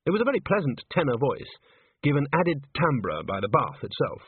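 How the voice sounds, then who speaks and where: An audiobook narrator, male, reads a scripted story aloud with expressive storytelling delivery. His voice is medium-pitched with a breathy edge, moving at a moderate pace, and the dry recording sounds tinny, almost like a phone.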